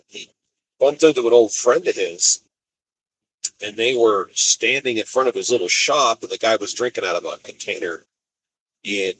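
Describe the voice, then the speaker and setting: Rambling low husky man driving. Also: fairly bright tone, dry recording, rough recording. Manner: rambling, restarts sentences, retells conversations. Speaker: expediter truck driver. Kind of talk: casual storytelling while driving. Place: inside a vehicle on the road.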